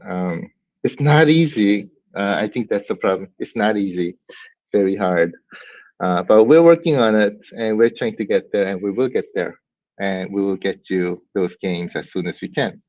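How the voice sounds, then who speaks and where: A man's voice: medium pitch, dull audio. A man hosting a casual livestream, rambling with frequent laughs and bursts of playful announcing. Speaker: livestream host.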